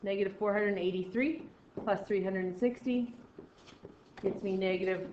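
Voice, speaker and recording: A woman teaching math to a class, brisk and encouraging. Her voice sits in the middle range and carries around a roomy classroom. The recording is slightly dull, with faint noise underneath. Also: medium pitch, steady tone. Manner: brisk and encouraging, addressing students directly. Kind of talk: classroom lesson.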